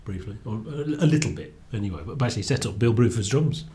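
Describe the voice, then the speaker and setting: Chatty man, quick to laugh. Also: mid-range voice, animated, mellow. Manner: chatty, laughs often, repeats words while thinking. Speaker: book review co-host. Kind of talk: casual chat.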